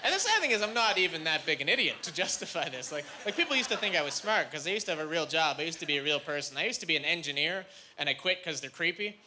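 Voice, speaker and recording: A young man performing a stand-up set, telling a story with animated, high-jumping quoted voices. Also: fast. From Canada. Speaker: stand-up comedian. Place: comedy club stage. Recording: live club recording, audible room noise.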